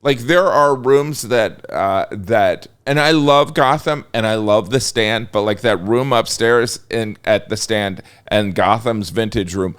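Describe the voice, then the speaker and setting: Middle-aged male comedian guest, smooth resonant voice, rambling easygoing delivery. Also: fairly low pitch, a little slow, few pauses, fairly bright tone. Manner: rambling, trails off, many fillers and restarts. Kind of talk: casual chat.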